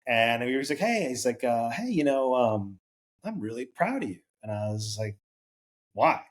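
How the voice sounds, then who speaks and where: Man, 40s, podcast guest; casual rambling storyteller, mid-pitched, acts out quoted lines. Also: sing-song, normal speed. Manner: rambling, filler-heavy, acts out quoted voices.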